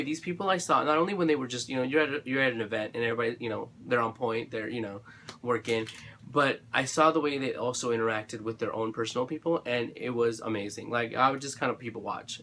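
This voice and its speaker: A man's voice: medium pitch, fairly bright tone, slight background noise. A man chatting casually to camera about his craft supplies, gushing and rambling with lots of fillers and restarts, his throat a little dry. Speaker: craft channel vlogger.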